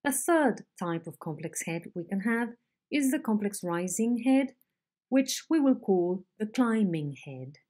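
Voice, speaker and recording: Slow, lively-pitched woman teaching phonetics. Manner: slow, deliberate explanations with modelled intonation examples. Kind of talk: recorded online lecture.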